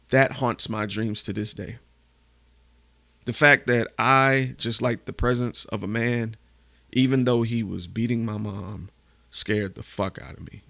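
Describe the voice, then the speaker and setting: A man podcast host telling a candid, emotional personal story, swearing casually and going hushed at the painful parts. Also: on the low side, fairly even intonation, unhurried, vocal fry, no echo.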